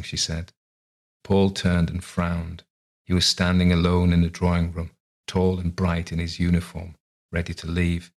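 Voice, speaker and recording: A man with a deep, husky voice reads a story aloud. His narration is calm and measured, taking time over each scene. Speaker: reader. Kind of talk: scripted narration.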